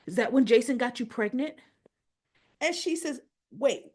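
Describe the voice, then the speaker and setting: A woman's voice: high voice, unhurried. A woman hosting a casual soap opera recap, retelling scenes and acting out the characters' lines. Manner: animated storyteller, acts out quoted dialogue.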